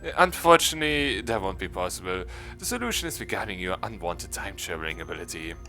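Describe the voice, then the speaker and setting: A man doing a polite zombie gentleman, the Professor. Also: low-pitched, animated, music in the background. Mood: courteous. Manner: formal, courteous, measured.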